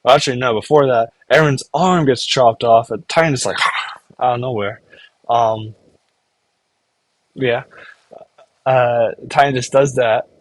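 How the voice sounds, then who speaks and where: A man's voice: mid-range voice, steady tone, measured pace, pauses often, dry recording. Rambling man recapping an anime. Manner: rambling, filler-heavy, full of "like"; briefly acts out characters' lines. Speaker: anime reviewer. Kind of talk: casual episode recap.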